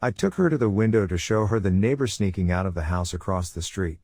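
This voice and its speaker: A man narrating a first-person horror story in a measured, brooding way. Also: low-pitched, expressive, darkish tone, no echo, studio quality.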